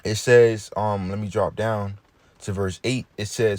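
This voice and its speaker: Low-voiced man teaching scripture. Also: steady tone, measured pace, a little mellow, no echo. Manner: reads verses aloud, checks in with frequent "okay?"; casual, calls listeners "man". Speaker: Bible teacher.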